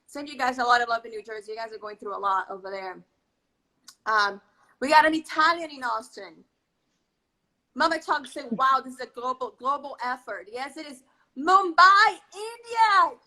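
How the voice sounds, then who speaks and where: Bright high-voiced woman hosting a live stream. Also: normal speed, rough recording. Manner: effusive, reads out viewer comments. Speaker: host of a live baking stream. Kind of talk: casual live-stream chat.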